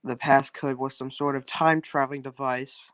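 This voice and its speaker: A man's voice: medium pitch, flat delivery, moderate pace, a bit bright, dry recording. A young man rambles through a story over a phone call. He stops and restarts often and fills the gaps with ums. His tone is casual and a little profane. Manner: hesitant, full of restarts and "um"s, loose and swearing. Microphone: phone on an online call.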